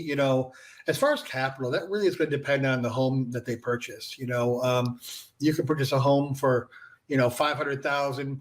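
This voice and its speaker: A man, a franchise founder and guest, explaining his business in a casual interview and filling pauses with "you know". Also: medium pitch. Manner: conversational, filler-heavy with frequent "you know".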